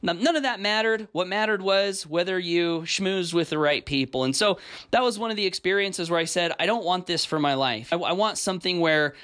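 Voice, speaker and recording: Podcast host, male, forties: sincere personal storytelling, voice sits a bit high, heartfelt delivery. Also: fairly quick, a bit bright. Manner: earnest, emotional retelling with frequent restarts.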